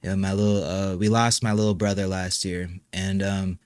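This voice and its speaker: A young man, a musician and host, talking through a personal interview in a halting way, with many fillers and restarts. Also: deep voice, flat delivery, a little mellow, clean tone, no echo, studio quality.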